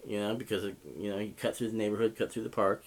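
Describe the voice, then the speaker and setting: Low-voiced man telling a rambling profane story. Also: little pitch movement, quick pace. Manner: profane, rambling, heavy with fillers. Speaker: vlogger. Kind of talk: casual storytelling.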